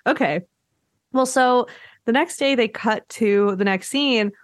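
A woman hosting a podcast, chatting casually about a reality show, animated and often laughing. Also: a little slow, no echo, clean studio sound. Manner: animated, laughs often, acts out quotes in high voices. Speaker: podcast host.

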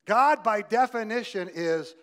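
A middle-aged man preaching as a guest speaker, animated and emphatic, swinging from loud bursts to hushed lines and getting the listeners to answer aloud. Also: high voice, unhurried. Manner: asks the listeners to join in aloud. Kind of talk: sermon.

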